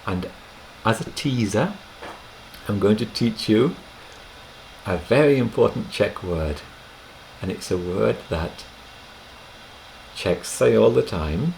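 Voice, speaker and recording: A man teaching a language lesson to camera, explaining in an unhurried way with gentle pauses, recorded on a webcam microphone. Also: on the low side, expressive, gravelly, a little hiss or hum, rough recording.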